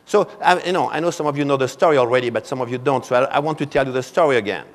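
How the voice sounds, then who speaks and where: A man's voice: medium pitch, very fast. A man in his seventies from France, speaking with a French accent, giving a conference keynote as a string of anecdotes with many "you know" asides. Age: 70s. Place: convention hall. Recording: long reverb of a large hall.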